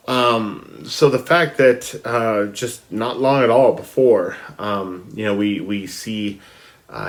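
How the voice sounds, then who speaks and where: Guy w a lowish voice chatting about a book, lots of ums and restarts, reads bits out loud. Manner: conversational, many ums and restarts. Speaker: book reviewer. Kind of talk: casual book discussion with read-aloud passages.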